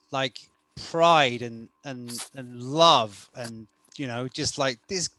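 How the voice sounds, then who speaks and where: A man's voice: mid-range voice, a bit bright, dry recording. Chatty man telling stories with a dry close sound. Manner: rambling storytelling with many restarts. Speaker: podcast co-host and coach. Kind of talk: casual conversation.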